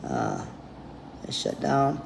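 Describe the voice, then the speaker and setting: A man's voice: mid-range voice, sing-song, slow, vocal fry, very noisy. A man giving a blunt, profane, rambling monologue straight to camera as a vlogger.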